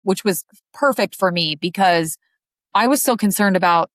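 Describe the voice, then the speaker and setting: A woman's voice: medium pitch, animated, moderate pace, dry recording. A woman ultrarunner chatting casually as an interview guest, her speech full of "like" fillers. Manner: chatty, heavy use of "like" fillers.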